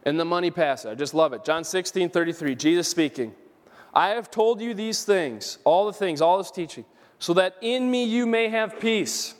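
High-voiced preaching man in a reverberant hall. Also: lively intonation, normal speed. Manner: earnest, emphatic preaching with repeated phrases. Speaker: pastor. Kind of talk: sermon. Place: church sanctuary.

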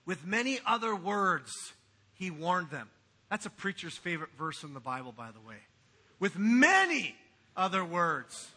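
Guy preaching a sermon at church, highish voice, goes from quiet asides to loud and emphatic. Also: lively intonation, normal speed, breathy edge. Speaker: pastor. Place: church sanctuary.

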